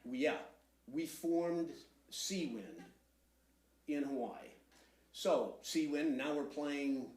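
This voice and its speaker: A man who is the guest in an interview, speaking in a relaxed, low-key way. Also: takes it slowly, echoey room. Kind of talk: casual interview talk.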